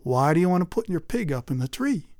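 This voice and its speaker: A man's voice: on the high side, quick pace, no echo. A man doing a wry, level-headed young fellow. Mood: dry. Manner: calm, dry, understated.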